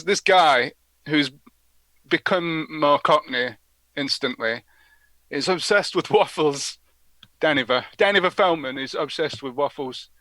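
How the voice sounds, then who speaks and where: A man's voice: on the high side, bright, forceful tone, no room sound. A man hosting a prank call show, rambling through comedic commentary with giggly asides.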